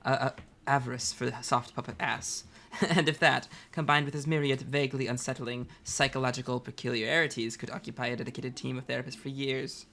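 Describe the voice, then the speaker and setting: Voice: medium pitch, flat delivery, fairly quick, pushed and bright. A reader voicing an articulate, dry-witted teenage girl who talks in elaborate phrases. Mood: wry. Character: verbose wry teen girl, articulate and dry. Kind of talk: reading comic dialogue aloud.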